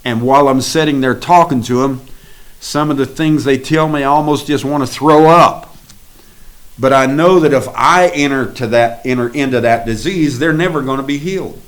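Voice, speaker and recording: A male preacher giving a sermon in an earnest voice. He often drops low and quiet, as if confiding, then lifts into firmer, emphatic phrases. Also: moderate pace. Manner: earnest, swings between soft confiding and raised emphatic lines.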